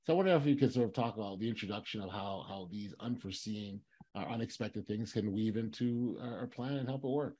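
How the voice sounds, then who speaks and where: Man hosting a podcast, halting and encouraging. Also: on the low side, warm tone, husky. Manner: halting, many restarts and "you know"s, encouraging. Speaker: podcast host. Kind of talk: conversational interview.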